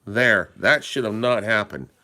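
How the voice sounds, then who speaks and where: A political commentary vlogger gives casual, rambling talking-head commentary, speaking straight to his viewers in an informal way. His lowish, expressive voice has a sharp tone and a measured pace, and he leans on emphatic rhetorical questions. There is slight background noise.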